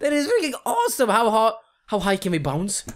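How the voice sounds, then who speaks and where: A woman giving gameplay commentary, excitable, shrieking and swearing often. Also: on the high side, fairly quick. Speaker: let's play gamer.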